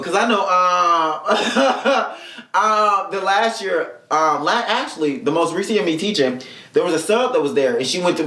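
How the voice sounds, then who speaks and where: A man hosting his own podcast tells a story in loose, comic, profane talk, jumping into the voices of the people in it. His pitch swings widely from line to line. The recording sounds roomy and echoey. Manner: animated, profane, acts out quoted people. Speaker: podcast host. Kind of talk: casual comedic storytelling. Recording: roomy echo.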